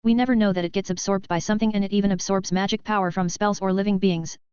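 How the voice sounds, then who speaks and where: A woman's voice: mid-range voice, fairly even intonation, fast, a little mellow, clean tone, no room sound, lightly acted. A nonchalant council clerk, read by a woman. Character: easygoing male council clerk. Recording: dull, lo-fi, dry sound.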